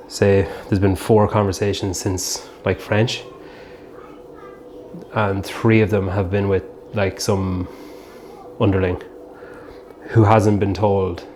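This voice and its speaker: A young man with a fairly low voice talks through a casual vlog, wandering from thought to thought. He leans on "like" constantly, and faint noise sits behind him. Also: a little mellow. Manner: rambling, heavy use of "like". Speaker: podcast host.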